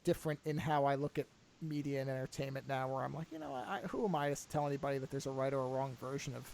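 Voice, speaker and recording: A man's voice: mid-range voice, fast, vocal fry, darkish tone, a little hiss or hum. A middle-aged man co-hosting a podcast, chatting casually and rambling with restarts and asides. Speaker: podcast co-host. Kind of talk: casual chat.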